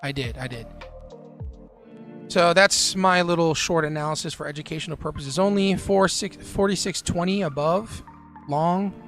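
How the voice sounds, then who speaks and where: A man's voice: fairly high pitch, moderate pace, faint music behind. A man hosting a casual live trading stream. He chats loosely with viewers and uses lots of fillers. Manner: relaxed, filler-heavy, chatting with viewers while trading.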